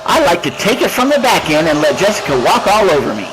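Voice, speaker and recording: A whiny, simpering woman's voice, as a man mocks her with a squeaky falsetto. The sneer stays in every word, with faint music underneath. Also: sing-song, fast talker, poor audio. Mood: mocking. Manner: sneering, exaggerated high voice.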